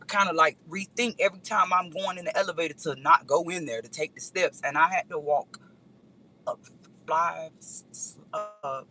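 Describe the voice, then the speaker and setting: Husky, animated woman telling a story. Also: low voice, low-quality recording. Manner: animated, rambling, addresses viewers directly. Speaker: vlogger. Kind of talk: casual storytelling to viewers.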